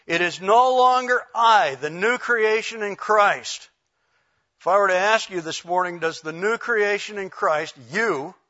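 A male pastor delivers a sermon in a slightly high, bright voice. He preaches conversationally and keeps checking in with his congregation. The recording is dull and lo-fi. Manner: conversational preaching, frequent "all right?" check-ins.

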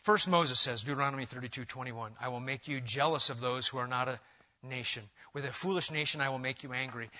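A man preaching an expository sermon as a pastor, swinging between loud urging and quiet intensity. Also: mid-range voice, brisk, highs cut off.

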